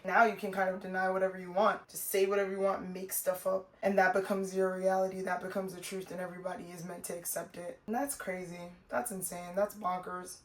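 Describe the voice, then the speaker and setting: A young woman vlogging to camera from home, candid and animated, asking herself rhetorical questions. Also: medium pitch. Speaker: lifestyle vlogger. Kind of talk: casual vlog talk to camera. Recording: roomy echo, faint music.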